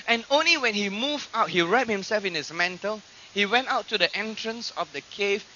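Male preacher, high and piercing, big dynamic swings from loud to hushed; lo-fi archive tape. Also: lively intonation, normal speed, a little hiss or hum. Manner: dramatic swings between loud and hushed delivery; fillers and restarts, addresses the congregation directly. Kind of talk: sermon. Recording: dull lo-fi archive recording.

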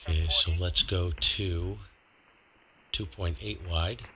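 A man narrating a hands-on ham radio receiver comparison, explaining calmly as he tunes. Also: low-pitched, slow. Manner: relaxed, explanatory, talks while tuning. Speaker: ham radio equipment reviewer.

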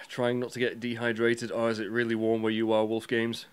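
A man hosting a gaming livestream, chatting casually with viewers, greeting them by name and breaking into excited yelps. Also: mid-range voice, normal speed, clear, resonant tone. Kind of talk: casual livestream chat while playing.

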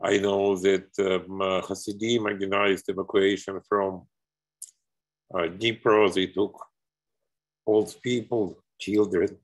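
A man speaking as an art historian in a webinar over a video call, emotional and struggling to stay composed, halting and full of fillers. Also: deep voice, little pitch movement, rough recording. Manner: halting, searching for words, many fillers. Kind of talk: webinar talk answering audience questions.

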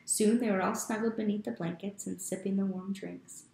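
A woman reading a children's novel aloud as a teacher, in an expressive, steady storytelling manner. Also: mid-range voice, moderate pace, creaky. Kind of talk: storybook read-aloud narration. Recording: echoey room.

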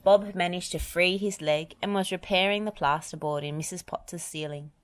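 A woman narrating a children's storybook aloud in a gentle, even storytelling manner. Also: on the low side, fairly quick. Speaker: children's book reader.

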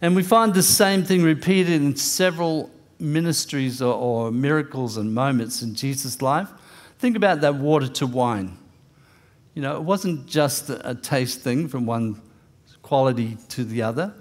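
Male pastor, mid-pitched voice, earnest conversational sermon with light humor. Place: church.

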